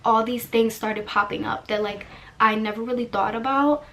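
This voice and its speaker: Young woman vlogger, casual storytime, rambly filler talk, slightly high voice, faint background noise. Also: steady tone, moderate pace, a bit bright. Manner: chatty, filler-heavy, rambling.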